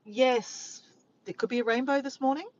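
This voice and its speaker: A woman's voice: high voice, moderate pace, a little mellow, muffled recording, slight background noise. A woman chatting casually on a live stream from her car by the beach, reading viewer comments, laughing and teasing playfully.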